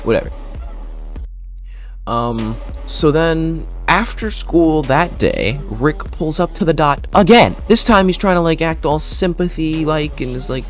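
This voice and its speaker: A man's voice: on the high side, expressive, unhurried, faint music behind. A man casually recapping a TV show in a rambling, profane way, often laughing at his own story. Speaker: video creator.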